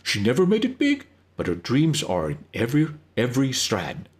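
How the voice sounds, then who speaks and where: A man voicing an emphatic, caring woman who runs a wig shop, speaking firmly but gently with drawn-out emphasis. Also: mid-range voice, huge pitch swings, pitched above the performer's own voice. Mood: grand, theatrical.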